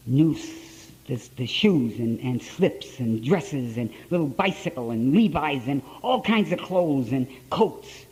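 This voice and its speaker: An older man with an Ohio accent tells his story in a gruff, blunt working-man way. His voice sits a little high for a man, and he hammers points home by repeating phrases. He is speaking live to a conference crowd. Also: darkish tone, low-quality recording. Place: conference hall, live talk to an audience.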